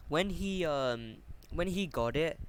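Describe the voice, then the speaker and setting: Hesitant man, slow and halting. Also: a little high, clean tone. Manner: hesitant, full of ums and self-corrections. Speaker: fan fiction storyteller. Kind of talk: casual unscripted plot explanation. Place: warm room at home. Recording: steady fan noise at home.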